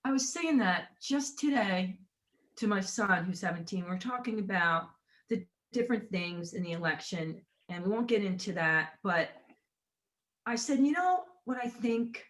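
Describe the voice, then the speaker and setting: A woman in her forties, an author telling a lively story in conversation and acting out the people in it. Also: mid-range voice, normal speed. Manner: animated storyteller, acts out quotes with big jumps. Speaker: author guest.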